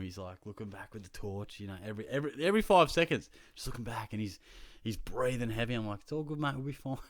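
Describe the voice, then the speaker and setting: A chatty Australian man with a lowish voice tells animated stories and talks through his fantasy football team. He laughs often and keeps it casual. The recording is close and dry. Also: no room sound. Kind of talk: casual chat.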